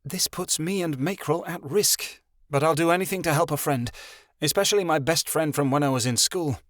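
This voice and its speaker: A man voicing a grown woman, a steady and wry friend who talks calmly and dryly. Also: a little high, a little fast, dry recording, studio quality, pitched above the performer's own voice, natural voice.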